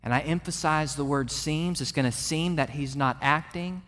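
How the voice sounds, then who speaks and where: A man preaches to his church in an earnest voice that sits a little high. He builds from quiet reflection to emphatic peaks. His voice rings with the long reverb of a large sanctuary. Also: normal speed. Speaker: pastor. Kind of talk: sermon.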